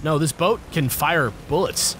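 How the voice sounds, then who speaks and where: A man's voice: fairly high pitch, a little slow, background noise. A man co-hosting a let's play, chatting casually and playing the confident pilot. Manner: upbeat, plays the confident pilot. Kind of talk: casual gaming banter.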